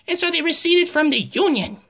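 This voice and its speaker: A woman's voice: extremely high pitch, animated, fairly quick, fairly bright tone, exaggerated voice. A woman voicing a goofy cartoon giraffe who teaches history in an offhand, crude way, full of fillers and swearing. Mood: flippant. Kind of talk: comedic cartoon narration.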